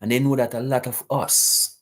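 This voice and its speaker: A man's voice: mid-range voice, steady tone, moderate pace. A man hosting a live talk stream, preaching emphatically and repeating rhetorical questions to his listeners.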